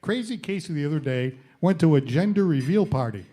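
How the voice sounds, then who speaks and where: Guy hosting a live variety show, cracking jokes and laughing at them, kinda high voice. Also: animated, a little fast, dark tone. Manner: jokey, laughs at his own jokes. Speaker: host. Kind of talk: comedy monologue. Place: studio stage with audience.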